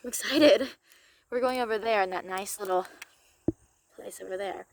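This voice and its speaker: A woman narrating a playful doll role-play in an excitable voice, gasping and exclaiming as she goes. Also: mid-range voice, unhurried, pauses often.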